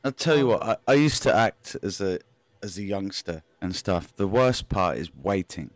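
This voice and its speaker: A man's voice: low voice, animated, normal speed, no echo. A man chatting casually in an online meeting, with an upbeat manner. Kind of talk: casual chat.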